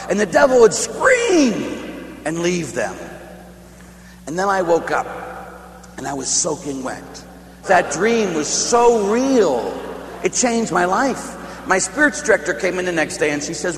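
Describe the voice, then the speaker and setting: Male Catholic priest, storytelling sermon, animated and self-amused, bit high, big echoey hall. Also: normal speed. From Pittsburgh area. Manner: animated storyteller, acts out voices, laughs at own jokes. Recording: echoey hall with faint hum.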